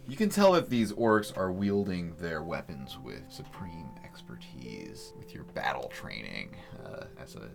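A man narrating a tabletop game as game master, relaxed and full of fillers. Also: low voice, gravelly.

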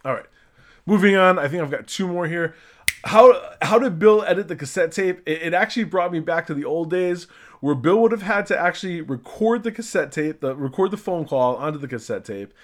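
A man with a slightly higher-pitched voice hosts a podcast. He talks through a show episode in a loose, chatty way. He often pauses, stumbles and restarts mid-sentence. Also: lively intonation. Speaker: podcast host. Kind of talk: casual episode review.

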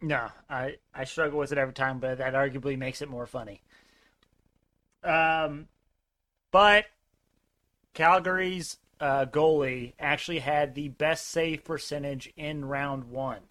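Podcast guy, kinda higher voice, chill and hesitant, lots of ums. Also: fairly even intonation, measured pace, a bit bright. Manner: laid-back, hesitant with many ums. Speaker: podcast co-host. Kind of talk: casual sports betting chat.

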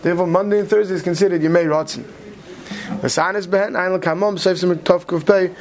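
Quick-talking man teaching a study class. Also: high voice, steady tone, darkish tone. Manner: quick, mixes Hebrew terms into English, many "right?" checks. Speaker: Torah teacher. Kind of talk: Talmudic study lecture.

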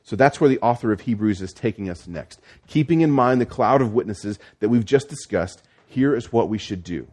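A man's voice: lowish voice, lively intonation, moderate pace, hardly any pauses, a little mellow. A man preaching a sermon as pastor, explaining the text step by step with frequent restarts and fillers.

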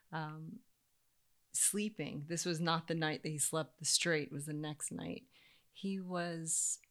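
A woman in her thirties telling a personal story in a casual way, animated and acting out the voices of the people she quotes. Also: low voice. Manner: animated, acts out quoted voices, laughs often.

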